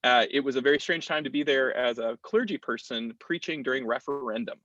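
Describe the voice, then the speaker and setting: An American clergyman in his thirties speaking thoughtfully on a panel, with frequent pauses and restarts. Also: mid-range voice, fairly bright tone, dry recording. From United States. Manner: reflective, thoughtful, many fillers and restarts. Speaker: clergyman and campus chaplain. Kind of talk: panel discussion talk. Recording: dull lo-fi dry sound.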